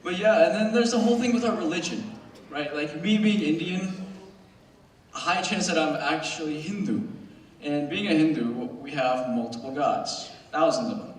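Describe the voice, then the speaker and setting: Teen boy comic, slightly high voice, rambling self-mocking stand-up, booming hall sound from afar. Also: moderate pace, slight background noise. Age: teens. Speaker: student stand-up comedian. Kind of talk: stand-up comedy set. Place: school auditorium stage. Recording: very echoey hall recorded from far off.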